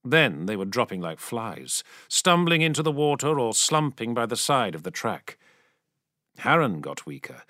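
A man reading a story aloud as an audiobook narrator in a dramatic, expressive manner. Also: mid-range voice, normal speed, no room sound, studio quality.

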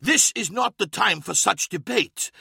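A noble male warrior-prince pleads and commands in a bright, gravelly voice, as a man voices him for an audiobook. The sound is close and dry. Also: sits high, animated, measured pace, dry recording, voice pushed up, heavily acted. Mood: commanding.

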